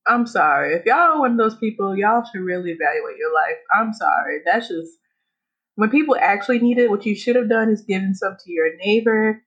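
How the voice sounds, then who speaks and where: A woman's voice: medium pitch, a little fast, husky. A woman co-hosting a podcast in casual chat, blunt and profane, laughing often. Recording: dull lo-fi recording.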